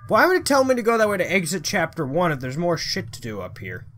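A man's voice: high-pitched, huge pitch swings, fast, fairly bright tone. A man commentating his horror game playthrough in a confused, rambling way with frequent swearing. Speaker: let's play gamer.

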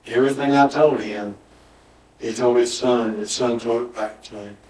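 In a church sanctuary, a pastor preaches at a moderate pace and middle pitch, his intonation fairly even and his tone darkish. He acts out the dialogue of his stories with emphatic repetition, and the audio sounds roomy and somewhat distant.

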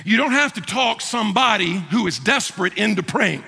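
A man preaching a sermon as pastor, animated, with joking asides and mock voices for the figures he quotes. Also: high voice, moderate pace, gravelly, breathy edge. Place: church sanctuary. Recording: reverberant church sanctuary.

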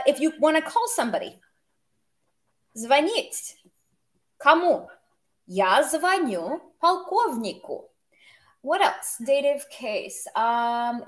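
A woman explaining grammar in a casual online lesson, chatty and joking as she goes. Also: sits high. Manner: chatty, explains with humor and asides. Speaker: language teacher.

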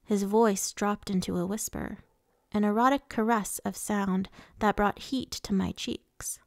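Woman audiobook reader, measured and slow, gravelly, dry close sound. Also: medium pitch, fairly even intonation, darkish tone, no echo. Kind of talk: first-person novel narration.

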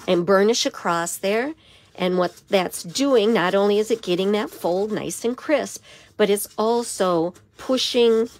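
A hoarse woman with a raspy voice giving a step-by-step papercraft tutorial in her craft studio. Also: mid-range voice, a little mellow. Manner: step-by-step instruction with frequent okays. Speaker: papercraft demonstrator.

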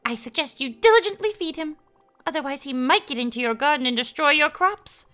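A woman reading aloud the lines of a gentle, chatty old woman character in a video game, in a sweet, motherly way. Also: high-pitched, lively intonation, brisk, soft background music, voice pushed up. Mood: fond.

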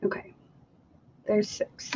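A woman's voice: slow pace, muffled recording, noisy background. A woman hosting a live craft demonstration, chatting casually and thinking aloud as she mixes and counts. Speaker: acrylic pouring artist hosting a live stream.

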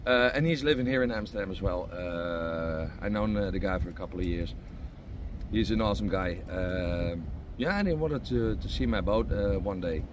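Low-voiced man vlogging from his boat. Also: expressive, normal speed, slight background noise. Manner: rambling, many fillers and restarts. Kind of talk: casual vlog talk to camera. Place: outdoors at a marina, on a boat.

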